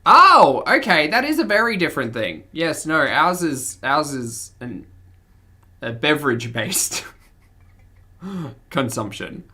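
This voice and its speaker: A woman's voice: low voice, sing-song, a little slow, long pauses, sharp tone. An Australian woman with a mild accent, chatting casually with her livestream audience and laughing often as she reads the chat. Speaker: streamer.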